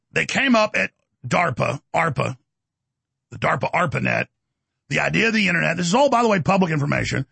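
A middle-aged man, hosting a heated, mocking monologue and often shouting. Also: high-pitched, vocal fry, husky, no echo. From Texas. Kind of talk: ranting monologue.

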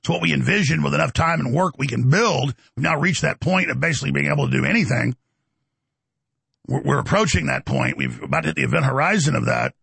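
A middle-aged man, hosting a heated, mocking monologue and often shouting. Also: mid-range voice, sing-song, fast talker, vocal fry, husky, no room sound. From Texas. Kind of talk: ranting monologue.

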